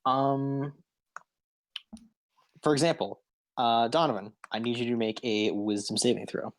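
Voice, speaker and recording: Male game master, slow and halting delivery, dry close sound. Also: mid-range voice, steady tone, dry recording. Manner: unhurried, with frequent ums and uhs. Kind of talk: narrating a tabletop game.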